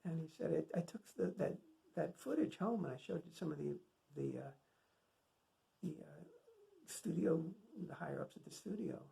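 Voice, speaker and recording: A man with a strongly gravelly, fry-laden voice gives a casual introduction before a film screening. He tells behind-the-scenes stories in a rambling, conversational way, often stopping to restart his sentences. His voice sits a little higher than most men's. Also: expressive, normal speed, warm tone. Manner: storytelling, retelling anecdotes with frequent fillers and restarts.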